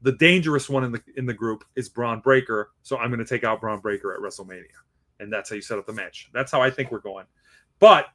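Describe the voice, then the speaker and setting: A man co-hosting a casual wrestling predictions podcast, excitable and teasing, laughing as he talks. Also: mid-range voice, fast talker. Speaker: podcast co-host giving predictions.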